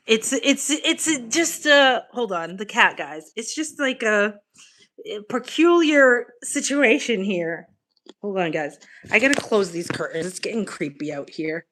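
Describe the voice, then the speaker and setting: A young Australian woman chats casually on a live stream from her home living room, reading out viewers' comments and talking to her cat. Her voice is on the high side and fairly bright, expressive and slow-paced.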